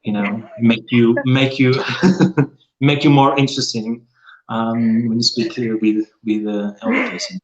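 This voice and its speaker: A man's voice: mid-range voice, expressive, unhurried, lo-fi sound. A young man from Portugal, chatting casually in English with a playful, joking manner. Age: young adult. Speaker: conversation partner.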